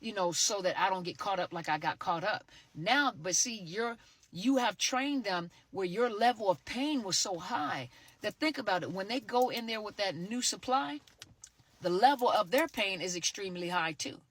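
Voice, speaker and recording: A woman host speaks to her audience about narcissistic abuse in an animated, emphatic way, circling back to repeat her key points. Her voice sits in a middle range and is recorded dry, with no room sound. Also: mid-range voice, normal speed, dry recording.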